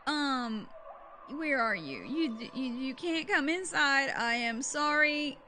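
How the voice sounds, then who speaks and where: A woman's voice: high-pitched, lively intonation, a little slow, bright, forceful tone, slight background noise. A woman streaming a game in casual, chatty commentary, easily startled into gasps and squeals.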